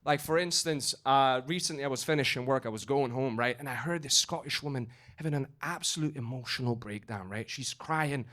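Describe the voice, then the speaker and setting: A man's voice: medium pitch, a little fast, hardly any pauses. A young man from Romania performing a stand-up comedy set in a club basement, telling stories with lots of filler words. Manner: animated storytelling with filler words.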